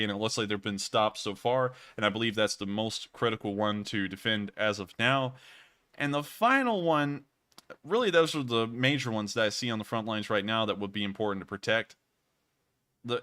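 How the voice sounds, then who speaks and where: A man hosting a casual livestream and answering viewer donations. He deliberately pushes his voice higher to keep his delivery lively. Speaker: livestream host reading donations.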